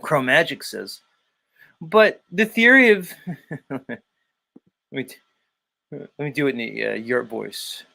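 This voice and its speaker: A man's voice: medium pitch, takes it slowly, creaky, pauses often, bright, forceful tone. A man hosting a casual live stream, reading chat messages aloud and bluntly teasing viewers. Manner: blunt, teasing, swears freely. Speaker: live stream show host.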